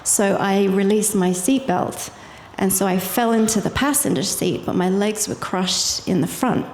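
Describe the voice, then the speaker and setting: An Irish woman recounts a personal story as a guest, vivid and quick to laugh. Her voice sits in the middle of the range for a woman. It carries the long echo of a hall, with faint noise underneath. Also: mid-range voice, a little mellow. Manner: vivid, laughs easily while telling. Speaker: guest sharing her testimony.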